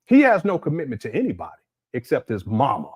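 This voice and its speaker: A man's voice: medium pitch, fast, slightly rough. A man giving rambling, incredulous commentary on a livestream, talking to his chat from a desk mic at home. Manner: animated, incredulous, rambling with restarts.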